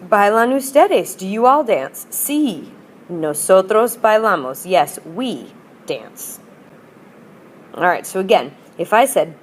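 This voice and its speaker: A woman's voice: medium pitch, slight background noise. A woman teaching a language class, drilling with patient repetition and switching between English and Spanish. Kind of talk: classroom lesson.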